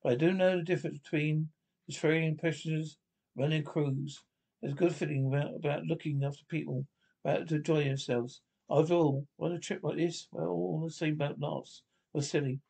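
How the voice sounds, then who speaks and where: A man reading every part of a film comedy script aloud himself, brisk and lightly comic. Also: a little high, steady tone, creaky, dark tone, slightly rough. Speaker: script reader.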